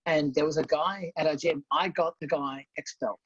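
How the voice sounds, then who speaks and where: A woman's voice: sits low, fairly even intonation, normal speed, breathy edge, dry recording. A woman, co-hosting a casual chat, blunt and swearing freely as she acts out stories. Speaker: podcast co-host. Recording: dull lo-fi sound.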